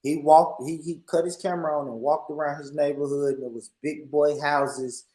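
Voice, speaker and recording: A man's voice: normal speed, a crowd in the background, low-quality recording. A man from Tennessee, chatting casually and animatedly on a live online panel. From Tennessee, USA. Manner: animated, laughing, mocking high-pitched put-on accents.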